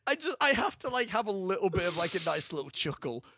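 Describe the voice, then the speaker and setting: A young man, co-hosting a casual film podcast, animated and laughing often. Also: sits high, fast, breathy edge, dry recording, studio quality. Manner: animated, laughs often, acts out scenes in funny voices. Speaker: podcast co-host.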